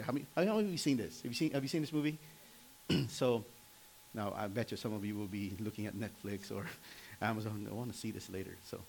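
A man in his forties preaching a sermon, telling family stories conversationally, asking the congregation questions and often clearing his throat. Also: medium pitch, low-quality recording. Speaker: pastor.

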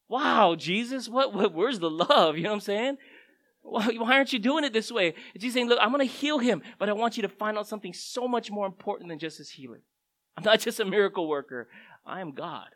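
A man's voice: sits high, animated, fast talker, fairly bright tone, rough recording. A man preaching a sermon in a conversational, storytelling way, his voice rising and dropping for emphasis. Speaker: pastor.

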